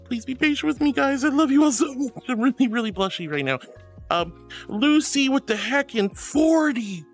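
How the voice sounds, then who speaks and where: A woman live streamer chatting with her viewers, gushing, flustered and laughing often as she thanks them. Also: medium pitch.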